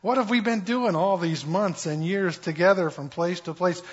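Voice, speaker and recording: A man's voice: sits high, moderate pace, breathy edge. A man preaching a conversational Bible-teaching sermon in a casual, humorous way, with lots of fillers. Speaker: pastor. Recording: dull lo-fi recording.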